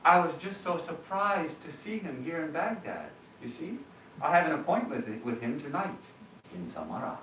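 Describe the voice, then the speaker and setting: A man voicing a personified Death who speaks softly and apologetically, recorded from afar in an echoey hall. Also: a little high, very animated, moderate pace, crowd noise, voice pushed up. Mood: mildly apologetic. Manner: soft, apologetic. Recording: roomy hall, distant mic.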